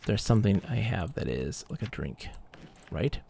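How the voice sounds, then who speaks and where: Gravelly man muttering through a game. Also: on the low side, big pitch swings, normal speed, warm tone, a little hiss or hum. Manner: mutters to himself, reads item text aloud. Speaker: streamer. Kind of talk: live gameplay commentary.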